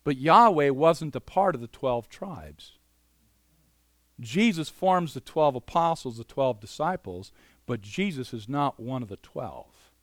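A man preaching a sermon, animated and conversational, moving between loud emphasis and quiet asides. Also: medium pitch, a little slow, no room sound. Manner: conversational, many "you know" fillers.

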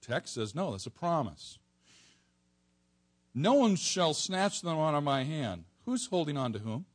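The preacher works through an expository sermon in an animated way at a measured pace, moving between soft asides and near-shouted emphasis. He addresses a congregation in a voice that's a little high.

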